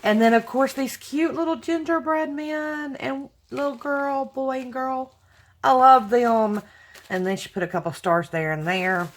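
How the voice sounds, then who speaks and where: A woman's voice: high voice, fairly even intonation, measured pace. A woman chatting casually to viewers as she unboxes craft mail, gushing and exclaiming with thanks. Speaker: craft vlogger opening mail.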